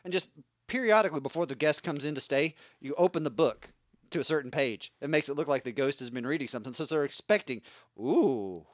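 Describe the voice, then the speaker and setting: A man co-hosting a podcast in casual comedic chat, riffing crudely and deadpan. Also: a little high, a little fast, no room sound, studio quality. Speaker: podcast co-host.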